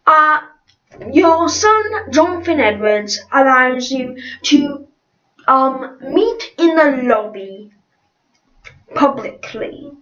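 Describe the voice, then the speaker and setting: A woman voicing a stiff, formal hotel desk clerk who clears her throat, recorded from a distance in an echoey room. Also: sits high, expressive, very slow, a bit bright, heavily acted. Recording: distant, roomy, dull lo-fi.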